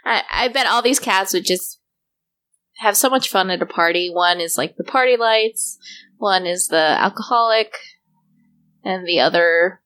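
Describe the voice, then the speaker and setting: A woman's voice: medium pitch, a little slow, pushed and bright. A woman co-hosting a casual chat, answering briefly and reacting with short comments. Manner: brief reactions and backchannels, laughs easily. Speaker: podcast co-host.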